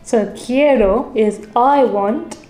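A woman's voice: fairly high pitch, slow pace, warm tone, reverberant, soft background music, low-quality recording. A woman co-hosting a casual language lesson, explaining phrases in English in a chatty, friendly way. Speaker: co-host.

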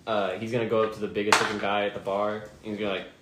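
A man's voice: lowish voice, flat delivery, racing, reverberant, heavy background noise. A man playing in a tabletop game, talking casually and hesitantly with many fillers. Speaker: player.

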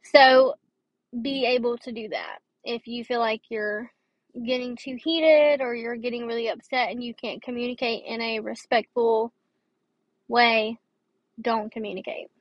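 A young woman talks through her podcast in a loose, rambling way, full of fillers and restarts, tired and dry-throated. Her voice sits a little high. The recording is dry and slightly muffled. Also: fairly even intonation, a little slow, dry recording. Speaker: podcast host. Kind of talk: casual advice podcast.

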